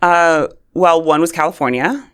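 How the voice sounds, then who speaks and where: A woman from New York with a New York accent, a communications coach speaking as a guest and telling stories in a lively way. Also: low voice, moderate pace, a little hiss or hum. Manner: animated storyteller who acts out quotes. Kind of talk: casual interview chat.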